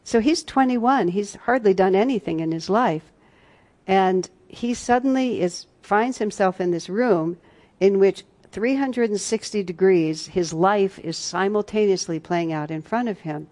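A woman's voice: medium pitch, a little slow. A woman leading a spiritual retreat class, telling a story in a conversational way with many restarts. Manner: conversational storytelling, many restarts, shifts between soft and loud. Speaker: retreat teacher.

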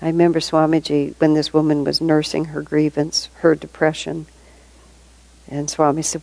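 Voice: medium pitch, completely flat delivery, vocal fry, dark tone, no echo, poor audio. A spiritual teacher giving a reflective talk to devotees, thinking aloud with restarts and repeated words, chuckling between points. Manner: thoughtful, halting, frequent restarts and repeated words.

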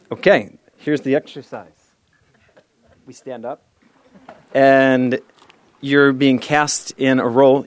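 A man tells stories with a playful, self-deprecating touch as he gives his sermon. He guides the listeners through an exercise and a quiet moment of meditation. His voice sits at an ordinary middle pitch. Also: dry recording. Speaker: speaker at a spiritual service.

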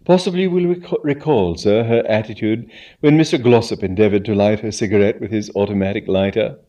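A man voicing a calm, clever male valet who speaks softly in a measured, formal way. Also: fairly low pitch, muffled recording, lightly acted.

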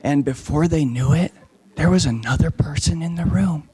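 Male storyteller, animated, quizzes the kids, slightly high voice. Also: normal speed, husky. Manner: animated, asks the listeners questions. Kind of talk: storytelling to children.

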